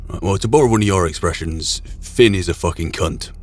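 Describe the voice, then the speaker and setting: A man talking in character, gruff and blunt with a lot of swearing. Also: low-pitched, brisk, faint music behind. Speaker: roleplayer speaking in character. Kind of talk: in-character roleplay chat.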